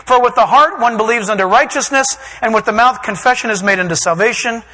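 A man preaching a sermon, reading verses and acting out scenes with shouts and put-on voices. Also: very high voice, fast talker, in a large hall, low-quality recording. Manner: animated, acts out voices and shouts for emphasis.

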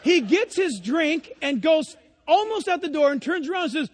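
Preaching in a church, this pastor has an extremely high, very animated voice and talks at normal speed. His sermon mixes conversational stories with rhetorical questions for the congregation, while a long reverb tail and a faint crowd sit in the background.

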